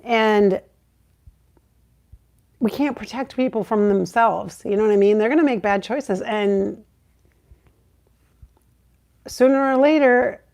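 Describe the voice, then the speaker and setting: A middle-aged woman with a gravelly, fry-laced voice talks straight to her audience in a loose, chatty vlog. She is emphatic, swears freely and leaps up in pitch when she gets worked up. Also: slow pace, pauses often, a little mellow. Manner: emphatic, swearing, rising to high exclaims when reenacting. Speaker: psychic channel host. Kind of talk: casual spiritual vlog talk.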